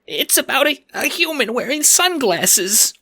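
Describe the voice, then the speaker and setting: A man voicing a timid, squeaky little crocodile bank teller in a fan audio drama, talking in nervous stammers. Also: big pitch swings, unhurried, pushed and bright, exaggerated voice. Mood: anxious.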